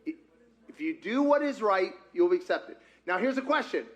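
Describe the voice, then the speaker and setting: A man's voice: high-pitched, normal speed. A man preaching a conversational sermon as pastor, often putting questions to the congregation. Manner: asks the congregation frequent questions; conversational and animated. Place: church sanctuary.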